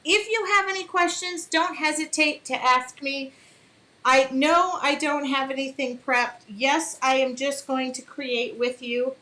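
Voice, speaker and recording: A woman's voice: high-pitched, unhurried, sharp tone, rough recording. A woman hosting a casual live painting demo, chatting with viewers by name and apologizing for small slips as she works. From Michigan.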